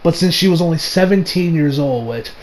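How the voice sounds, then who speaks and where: A young man giving a rambling, excitable movie review, swearing often and acting out lines in a high voice. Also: fairly quick. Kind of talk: casual spoken movie review.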